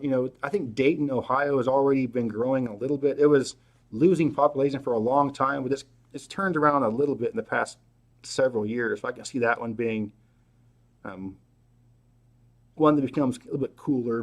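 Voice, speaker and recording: Relaxed and casual, this middle-aged man runs a livestream Q&A, working through viewers' questions aloud while stumbling over fillers and restarts. He speaks briskly at a medium pitch.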